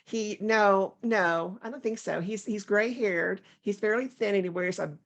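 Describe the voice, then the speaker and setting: A woman host with a mid-pitched, gravelly voice full of vocal fry, talking casually. She is reflective and tells a story as she speaks. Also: a little slow. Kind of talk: casual conversation.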